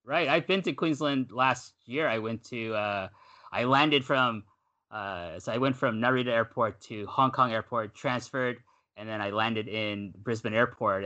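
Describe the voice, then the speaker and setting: A man's voice: mid-range voice, unhurried. A Canadian man co-hosting a podcast, chatting casually and rambling off on tangents. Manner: rambling, animated, self-correcting. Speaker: podcast co-host.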